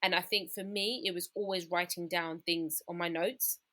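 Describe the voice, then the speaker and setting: A woman's voice: on the low side, fairly even intonation, moderate pace, sharp tone. A British woman in her thirties, a podcast guest candidly recounting a personal story and often quoting what people said. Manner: candid, retells scenes by quoting people, frequent "like".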